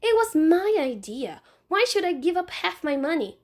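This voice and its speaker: A woman's voice: extremely high pitch, big pitch swings, normal speed, voice pushed up, exaggerated voice. A woman reading aloud and voicing a bossy, self-assured young girl who insists on being in charge. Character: bossy know-it-all young girl babysitter.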